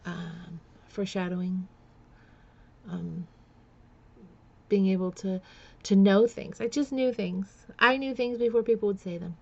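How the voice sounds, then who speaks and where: A woman telling a personal story on a vlog in a halting way, with many fillers and restarts, sometimes close to tears. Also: medium pitch, fairly even intonation, gravelly, highs cut off. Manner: emotional, close to tears at times. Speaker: vlogger.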